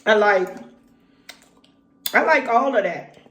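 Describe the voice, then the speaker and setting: Woman, middle-aged, slow easy chat while eating, pauses, roomy echo. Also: medium pitch, lively intonation, a bit bright. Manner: chatty, folksy, talks between bites with pauses. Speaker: vlogger. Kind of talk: casual mukbang vlog, talking while eating. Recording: echoey room.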